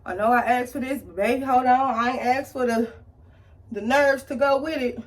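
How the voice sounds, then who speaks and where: A beauty vlogger, speaking at a normal pace and picked up by a distant mic, tells a story with lots of energy while she does her makeup. She acts out each person in it, her pitch leaping up and down for their quoted lines.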